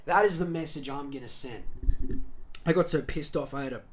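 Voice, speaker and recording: A man's voice: fairly high pitch, fairly quick. An Australian man hosting a podcast, ranting angrily and sarcastically with heavy profanity. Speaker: podcast host. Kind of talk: ranting monologue.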